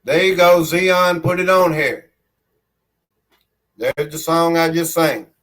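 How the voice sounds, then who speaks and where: Holding a phone in his hand at home, a Southern country man chats with livestream viewers and reads their comments out loud. His voice is a bit high for a man, slightly bright and steady, with an unhurried, drawn-out pace. He rambles amiably and talks about himself in the third person.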